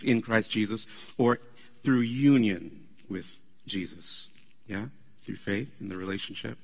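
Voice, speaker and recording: A man preaching a sermon as pastor, animated and conversational, laughing often as he talks. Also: lowish voice, long reverb tail.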